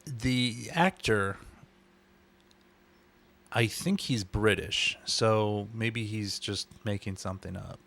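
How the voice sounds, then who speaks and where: A man in his thirties chats through a film as a commentary co-host, musing and often trailing off. His voice sits low with a gravelly rasp. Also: takes it slowly, pauses often, a bit bright. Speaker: podcast co-host. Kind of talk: casual movie commentary.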